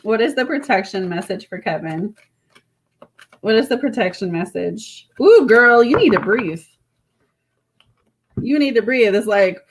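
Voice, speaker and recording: A woman doing a live tarot reading, chatting casually with viewers and reading card messages aloud. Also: on the high side. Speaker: tarot reader.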